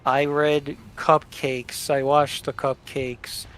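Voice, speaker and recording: A man's voice: medium pitch, flat delivery, takes it slowly, fairly bright tone, slight background noise. A young man streaming a game, chatting casually in a blunt and opinionated way.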